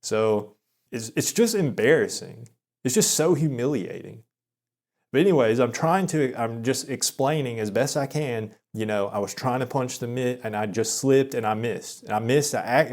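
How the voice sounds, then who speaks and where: Guy in his 30s rambling thru an embarrassing story, keeps restarting, mid pitch. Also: a little mellow. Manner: rambling, self-deprecating, halting with many restarts. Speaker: vlogger. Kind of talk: confessional storytelling monologue.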